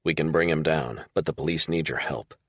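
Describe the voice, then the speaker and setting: A man's voice: extremely low pitch, a little fast, no echo, studio quality. A man playing a blunt, profane middle-aged former federal agent in an audiobook.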